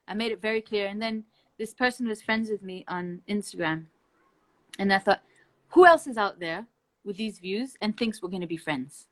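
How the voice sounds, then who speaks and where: A woman's voice: mid-range voice, moderate pace, pauses often. A woman speaks as a guest in a loose live-stream conversation. Her talk is blunt and emphatic, with free swearing. She laughs between her points. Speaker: interview guest.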